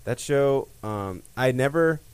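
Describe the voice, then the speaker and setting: A man co-hosting a podcast, chatting casually and excitably, laughing often. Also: medium pitch, slow, smooth, no room sound. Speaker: podcast co-host. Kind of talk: casual chat.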